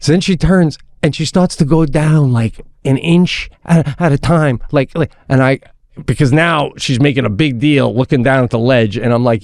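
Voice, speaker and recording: A middle-aged man co-hosting a podcast, telling a family story in a casual, animated way and swearing freely. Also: mid-range voice, moderate pace, no room sound, studio quality. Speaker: podcast co-host.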